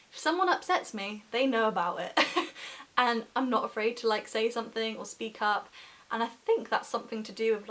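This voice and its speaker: A woman's voice: on the high side, a bit bright. A pregnant woman in her twenties chatting casually in a vlog update, giggling often and filling with "like", sometimes short of breath. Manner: chatty, giggly, lots of "like" fillers. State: pregnant, gets out of breath talking. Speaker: vlogger.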